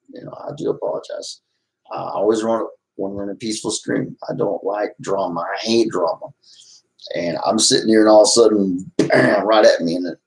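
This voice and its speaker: Middle-aged guy streaming, gravelly low voice, rambly and worked up then sorry. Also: low-quality recording. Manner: rambling, agitated then apologetic, many restarts. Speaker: live streamer. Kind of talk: casual live-stream talk to chat.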